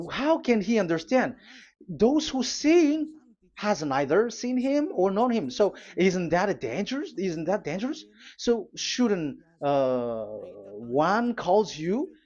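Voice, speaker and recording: A man's voice: high-pitched, darkish tone. A man preaching a live sermon, reading scripture aloud and pressing urgent warnings on his listeners, with frequent fillers and restarts. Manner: halting, many fillers and restarts. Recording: dull lo-fi sound.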